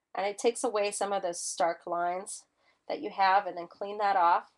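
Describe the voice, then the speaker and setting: A woman teaching a live-streamed mixed media art class, chatty and enthusiastic as she demonstrates. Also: lowish voice. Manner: chatty and enthusiastic, gushing over colors.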